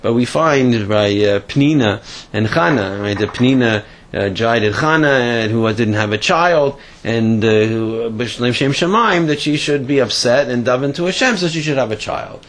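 A man giving a casual Torah lesson, telling a story in a halting way with many fillers and restarts. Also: medium pitch. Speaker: Torah teacher.

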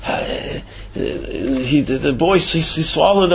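A man's voice: a little high, animated, takes it slowly, creaky, slightly rough, muffled recording. A man giving an informal Torah class, telling jokes and asking many rhetorical questions, with frequent fillers. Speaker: Torah teacher.

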